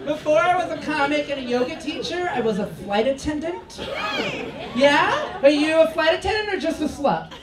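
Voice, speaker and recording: A man in his thirties works a comedy club crowd with a campy, sassy stand-up set, his voice sitting unusually high. He is caught from a distance in a roomy, echoing space. Loud laughter and club noise fill the gaps. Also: lively intonation, moderate pace. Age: 30s. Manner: campy, sassy, flamboyant delivery. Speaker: stand-up comic. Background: audience laughter and club chatter.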